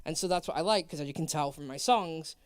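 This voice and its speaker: A young English woman who is a musician, chatting casually and playfully in an interview, opinionated and quick to laugh. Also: sits low, smooth, no echo, clean studio sound. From England. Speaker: musician guest.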